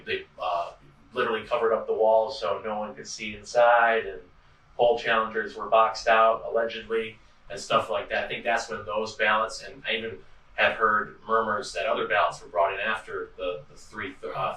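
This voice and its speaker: A man describing events in a halting, hesitant way, recorded in an echoey room from a distance. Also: on the low side, flat delivery, bright, forceful tone. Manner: halting, hesitant, with many fillers. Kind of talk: interview commentary.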